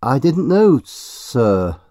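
A dutiful female innkeeper, as a male storyteller puts her on, lifted well above his own low voice with a polite, deferential tone. The recording is dry and close. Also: sing-song, extremely slow, dark tone, dry recording. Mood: flustered.

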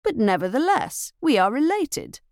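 Woman voicing a forceful noble Marquis, emphatic, lively lilting pitch, dry close sound. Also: moderate pace, dry recording. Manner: emphatic, exclaiming. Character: aristocratic male Marquis, forceful and insistent.

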